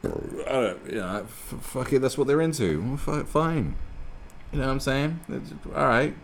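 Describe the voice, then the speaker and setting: A man's voice: medium pitch, moderate pace, slight background noise. A man giving crude, mocking commentary on a video clip. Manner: animated, sweary, mocking. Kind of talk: profane reaction commentary.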